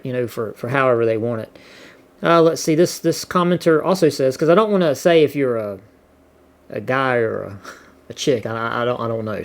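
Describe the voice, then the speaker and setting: A middle-aged man, casually chatting to his viewers and reading their comments aloud in a rambling, easygoing way. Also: mid-range voice. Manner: laid-back, rambling, repeats words and restarts often. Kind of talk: casual chat.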